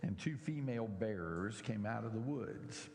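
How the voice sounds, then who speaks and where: A man's voice: fairly low pitch, expressive, moderate pace, a little mellow, in a large hall. A middle-aged man preaching a sermon in a church, animatedly mocking the scoffers in his story.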